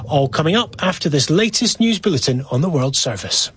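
A man presenting radio news headlines in a brisk, formal broadcast manner from a studio. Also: fairly high pitch, lively intonation, a bit bright, breathy edge, dry recording. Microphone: studio microphone.

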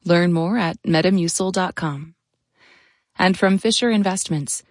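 A woman announcer reading radio sponsor credits in a smooth, promotional tone. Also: fairly low pitch, unhurried, no echo, clean studio sound.

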